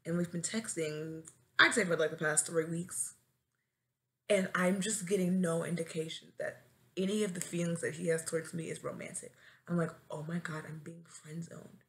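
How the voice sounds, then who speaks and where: On her solo podcast, a young woman in her twenties who's just started teaching chats casually in a creaky, fairly low voice. Her tone stays steady at a moderate pace until she dramatically breaks into comic wailing and shouting.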